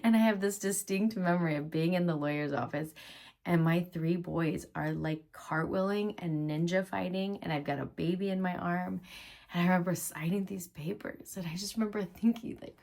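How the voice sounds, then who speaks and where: Low gravelly-voiced woman telling a story. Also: moderate pace. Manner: animated, laughing, drops into whispers for inner thoughts. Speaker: vlogger telling her story. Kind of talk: casual storytelling vlog.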